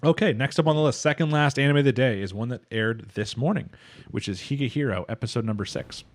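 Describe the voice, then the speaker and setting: A man's voice: mid-range voice, quick pace. A man co-hosting a casual anime podcast, retelling an episode in a rambling way, full of fillers and quoted lines. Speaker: podcast co-host. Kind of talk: casual anime recap chat.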